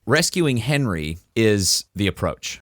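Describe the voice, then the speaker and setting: A man's voice: fairly low pitch, takes it slowly, dry recording, studio quality. A man co-hosting a podcast, recapping a film in casual chat and acting out its lines with laughs. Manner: animated storyteller, quotes and acts out scenes with laughter. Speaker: podcast co-host.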